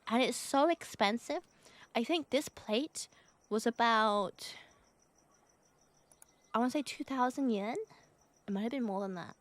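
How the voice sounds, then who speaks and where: A woman's voice: a little high, no echo. A young woman streamer chatting casually with viewers. She giggles often, thanks them for donations and swears offhandedly. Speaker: VTuber streamer.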